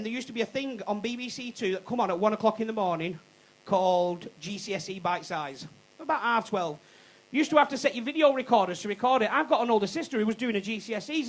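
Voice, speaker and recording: A man's voice: extremely high pitch, low-quality recording. A man doing a cheeky stand-up comedy routine on a comedy club stage, swearing and laughing at his own jokes.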